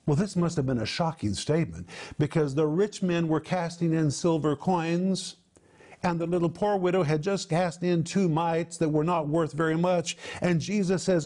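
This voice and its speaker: A man's voice: fairly high pitch, normal speed, darkish tone. A man presenting a televised Bible teaching, explaining word meanings with emphatic repetition.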